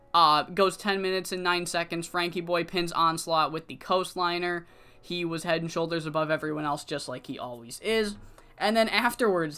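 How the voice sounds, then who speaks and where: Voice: mid-range voice, a bit bright, clear, resonant tone. Casual streamer narrating a wrestling sim. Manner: casual, profane play-by-play with fillers. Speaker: streamer playing a wrestling management game. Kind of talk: casual game commentary while streaming.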